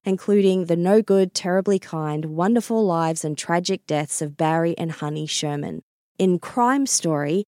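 A woman's voice: on the low side, a little mellow, no room sound, studio quality. A woman hosting a podcast, talking in a friendly, conversational way with a stuffy nasal voice from a cold. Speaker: podcast host. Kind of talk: casual podcast intro.

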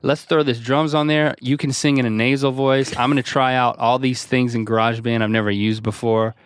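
A man's voice: mid-range voice, fairly quick, smooth, dry recording, studio quality. Jokey man in casual podcast chat. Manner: animated and jokey. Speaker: podcast co-host.

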